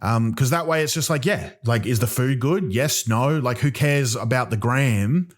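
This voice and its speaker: A man hosting a comedy podcast, ranting in mock outrage, full of ums and restarts. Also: medium pitch. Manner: rambling, halting, with many ums and restarts; mock-outraged, exaggerating for laughs. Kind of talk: comic rant.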